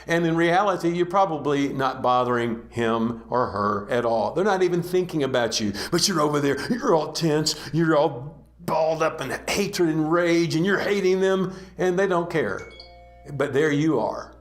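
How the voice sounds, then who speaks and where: A man's voice: on the high side, expressive. Earnest man preaching in an echoing room. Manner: earnest, conversational, slows to exhort. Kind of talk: sermon. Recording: roomy echo.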